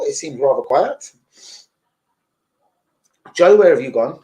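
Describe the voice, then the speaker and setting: A man's voice: on the high side, animated, slow, rough recording. A middle-aged man hosts a loose, rambling live stream. He talks in casual slang with the odd swear word and keeps breaking off to greet viewers by name. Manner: chatty, gives shout-outs to viewers. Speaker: football fan livestreamer.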